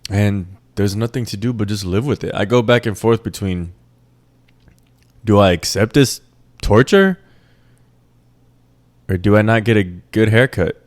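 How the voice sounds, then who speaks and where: Low-voiced young man ranting casually. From Puerto Rican family, raised in New York. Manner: rambling, profane, joking asides. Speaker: podcast host. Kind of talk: casual monologue.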